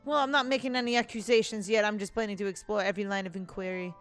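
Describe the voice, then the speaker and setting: A woman reads an earnest, modest male bird lawyer from a courtroom game, brisk and upbeat. Her voice sits at a middling pitch, with faint game music behind. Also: steady tone, lightly acted. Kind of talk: reading game dialogue aloud.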